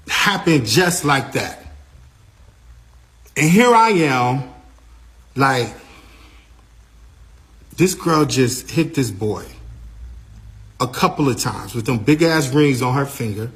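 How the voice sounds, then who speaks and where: A man, an artist's manager, recounting a backstage incident in a lively, casual way, repeating himself and using slang. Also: mid-range voice. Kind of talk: animated storytelling.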